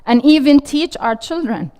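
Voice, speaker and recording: This parenting instructor, a middle-aged woman, speaks with a warm, rather high voice and lively intonation at a normal pace. Before a live audience in a classroom, she restates questions from attendees and encourages them during her interactive workshop.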